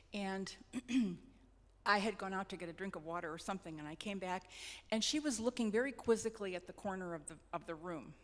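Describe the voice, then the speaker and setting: A middle-aged woman, a hospice nurse, telling personal stories in a gentle, reflective, sometimes halting way. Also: mid-range voice. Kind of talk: personal storytelling talk. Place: church hall. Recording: long hall reverb.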